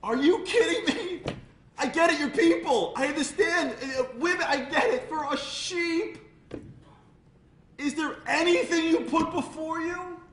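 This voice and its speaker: A man doing an amazed, disbelieving god yelping way up high, voice ringing in an echoey hall with faint noise behind, stunned and a bit exasperated. the voice cracks upward and every line lands like a heavy-handed joke. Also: measured pace, fairly bright tone. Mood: incredulous. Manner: high exclamations. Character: incredulous booming male God.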